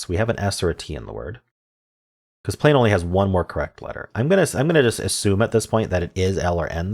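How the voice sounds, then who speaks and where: In a low, darkish voice, the host of a word puzzle video mulls things over out loud, offering casual commentary in muttered half-finished sentences.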